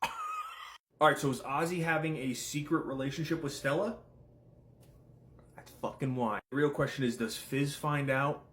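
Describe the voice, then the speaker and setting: A man giving casual commentary, firing off questions and swearing freely. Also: on the high side. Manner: rapid-fire questions, profane, excitable. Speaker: content creator.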